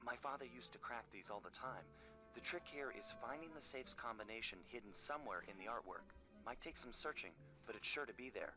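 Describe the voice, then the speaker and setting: A man voicing a cool, confident male master thief, smooth and self-assured in a video game. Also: medium pitch, a little fast, lightly acted, poor audio. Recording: game audio with music underneath.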